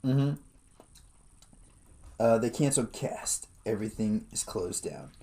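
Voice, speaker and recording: A man co-hosting a podcast in casual chat, animated and laughing often, calling people dude and man. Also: lowish voice, a little slow. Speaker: podcast co-host.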